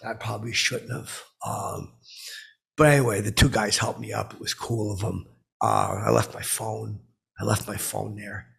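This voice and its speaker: A man's voice: on the low side, fairly even intonation, moderate pace, fairly bright tone, full character voice. A man putting on a clueless, lonely, brash oddball, telling a rambling comedic story full of fillers and restarts. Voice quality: gravelly, husky. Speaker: comedic podcast host in character.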